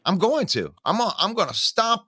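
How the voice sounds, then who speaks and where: A man's voice: high voice, sing-song, brisk, pushed and bright, dry recording, clean studio sound. A man hosting a casual sports podcast, laid-back and slangy, laughing often. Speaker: podcast host.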